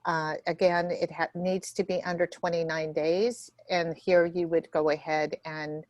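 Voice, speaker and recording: A woman running a real estate training session, walking through contract forms in a quick, nervous way with many fillers and restarts. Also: lowish voice, flat delivery, no echo.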